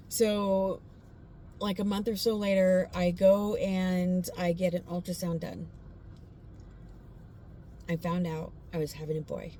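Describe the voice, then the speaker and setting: A woman sharing her personal faith testimony in a casual, earnest, heartfelt way, pausing often with fillers. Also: fairly low pitch, mellow, a little hiss or hum.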